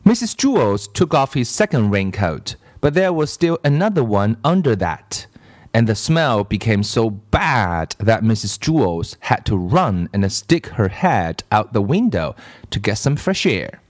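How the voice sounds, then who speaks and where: A man reading a children's story aloud, slow and expressive. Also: fairly low pitch, no room sound, studio quality.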